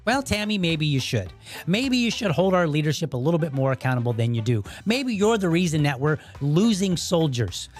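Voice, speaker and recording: A man hosting his own podcast, delivering a blunt, heated opinion monologue. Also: on the high side. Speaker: podcast host.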